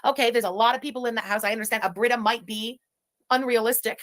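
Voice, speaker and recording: A woman's voice: fairly high pitch, steady tone, fast, fairly bright tone. A woman commentator in a clip, complaining in an indignant, exasperated way. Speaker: commentator in a reacted video.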